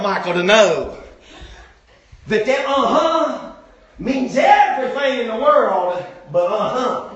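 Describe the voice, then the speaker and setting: Male pastor, joking sermon, high lively voice, far off in an echoey church. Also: dull audio. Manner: joking storyteller, often shouting. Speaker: preacher. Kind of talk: comic sermon. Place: church sanctuary. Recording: echoey church hall from afar.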